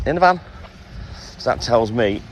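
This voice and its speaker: A hoarse man chatting calmly to viewers on a live stream from inside his van. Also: noisy background. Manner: keeping his voice calm and low, chatting to viewers. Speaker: livestreamer. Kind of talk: casual live-stream chat.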